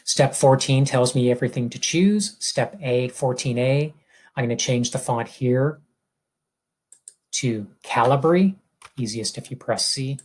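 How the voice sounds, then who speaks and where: A male instructor walking through a software exercise step by step, reading each instruction aloud and thinking out loud as he clicks. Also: mid-range voice, unhurried, breathy edge. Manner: methodical, reads steps aloud and thinks out loud. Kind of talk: screen-recorded software tutorial.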